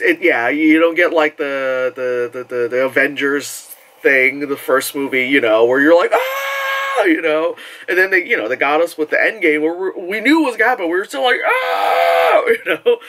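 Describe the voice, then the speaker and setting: Rambling, animated man with a lively voice. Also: mid-range voice, poor audio. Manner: rambling and animated, full of fillers, acts out shouts from the crowd. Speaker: movie reviewer. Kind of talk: casual spoken movie review.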